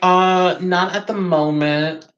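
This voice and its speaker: A male host with an easygoing manner who laughs often. He talks slowly in a bright, sharp voice. His chat with his guest is loose and relaxed. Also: sits high, smooth, dull audio. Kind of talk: casual interview chat.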